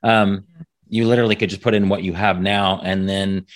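A man's voice: low voice, steady tone, moderate pace. A man acting as a business coach, talking casually and thinking aloud with frequent restarts. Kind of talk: casual consulting chat.

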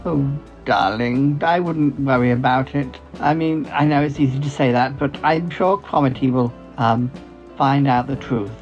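A man's voice: mid-range voice, moderate pace, natural voice. A man voicing Bettina, a gushing, affectionate woman who calls everyone darling, in a comedy sketch. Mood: doting. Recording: dull lo-fi sound, faint music.

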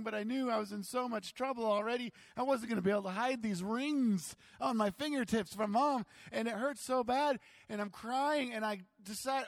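A man telling a self-mocking childhood story as a sermon to his church, animated and dramatic. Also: extremely high pitch, gravelly, no room sound.

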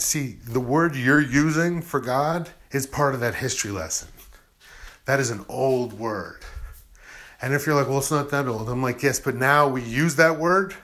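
A man's voice: mid-range voice, fairly bright tone. A man in a casual, rambling spiritual monologue, acting out imagined objections and answering them with "you know" and "I'm like".

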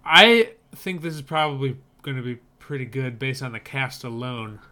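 Podcast co-host, male; bright, crisp voice; easygoing and opinionated. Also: medium pitch, moderate pace. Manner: opinionated, easygoing, with frequent fillers. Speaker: podcast co-host reviewing movie trailers. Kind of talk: casual chat.

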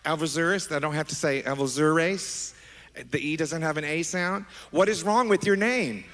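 A middle-aged man preaching as a pastor, animated and affectionate, wandering into asides with his congregation. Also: fairly high pitch, normal speed. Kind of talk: sermon. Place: large church sanctuary. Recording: long hall reverb.

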